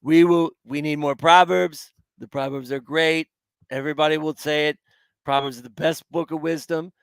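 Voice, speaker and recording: Boastful older politician with a gravelly, brash voice and superlative-heavy bragging, put on by a man. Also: fairly high pitch, fairly even intonation, normal speed, no echo, voice pushed up, close to an everyday voice.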